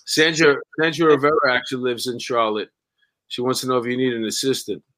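A man with a mid-range voice, an actor, tells stories in a casual, animated way. He speaks in relaxed talk-show fashion. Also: medium pitch, a little fast, rough recording. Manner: animated storyteller. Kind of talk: casual chat.

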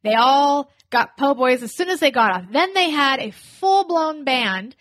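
High-voiced woman retelling reality TV scenes. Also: expressive, measured pace, a bit bright. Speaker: podcast co-host. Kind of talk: casual reality TV recap chat.

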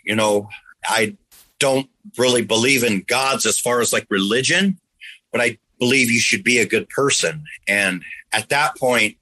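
A man's voice: lowish voice, bright, forceful tone, rough recording. A man earnestly telling a personal story in a rambling, conversational way, now and then making sound effects.

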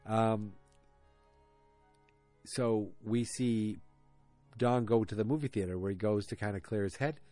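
A man's voice: fairly low pitch, measured pace, long pauses, mellow, faint music behind. A man hosting a podcast, recapping an episode in a casual, rambling way with jokes and asides. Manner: rambling, jokey, self-interrupting. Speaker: podcast host.

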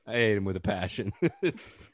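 A man hosting a casual podcast chat, relaxed and halting, often restarting his sentences. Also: on the low side, no echo, studio quality.

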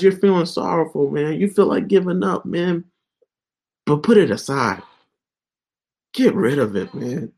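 A young adult man giving a casual video devotional. He rambles earnestly and keeps dropping "man" and "guys" as he speaks. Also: mid-range voice. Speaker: online Bible teacher.

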